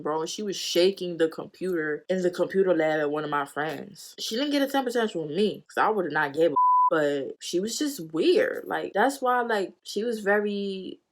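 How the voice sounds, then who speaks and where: A woman in her twenties telling a storytime vlog in animated, slangy, profane talk, acting out quotes. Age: 20s. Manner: acts out quotes with sudden high jumps. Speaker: vlogger. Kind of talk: storytime chat.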